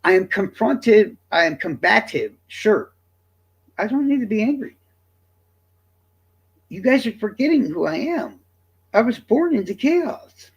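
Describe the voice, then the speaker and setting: A man rants at his viewers in a husky voice that swings up high and all over the place. He is profane and combative, and he talks straight to his audience in a livestream monologue. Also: very animated, measured pace, pauses often. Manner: profane, combative, addressing chat directly. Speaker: streamer.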